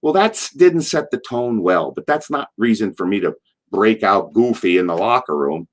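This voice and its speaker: A man's voice: on the low side, expressive, normal speed. Older man telling a rambling story. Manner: rambling, acts out quotes in voices. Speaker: interview guest, former pro wrestler. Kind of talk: animated storytelling.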